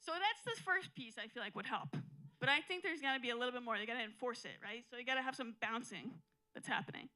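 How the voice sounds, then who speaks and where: A woman doing a stand-up set on a comedy club stage, with a deadpan, absurd, list-like delivery. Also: on the high side, fast talker, poor audio.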